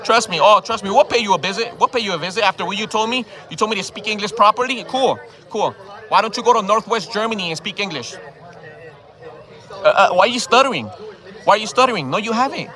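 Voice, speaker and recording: Some chatter sits behind this man's fast, high-pitched, sharp-toned voice. He is arguing heatedly with people outdoors, firing off repeated questions and swearing. The sound comes from the phone camera he holds while filming himself.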